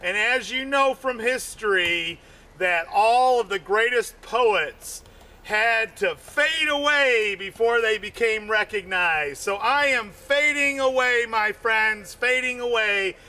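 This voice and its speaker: A man's voice: sits high, slow, bright, forceful tone. A man doing comedy, telling a long rambling story full of fillers and repeated words.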